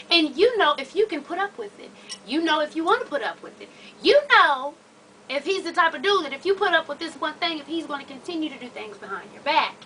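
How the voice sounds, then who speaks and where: A woman's voice: high voice, pushed and bright, recorded from a distance, a little hiss or hum. A woman hosting an advice vlog, blunt, sassy and profane as she talks straight to the viewer. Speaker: advice show host.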